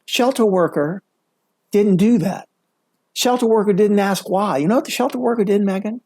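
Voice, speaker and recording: Earnest man with a dark husky voice. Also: sits high, normal speed, no echo. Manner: emphatic, earnest storyteller. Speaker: guest, mental health speaker. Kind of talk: podcast interview storytelling.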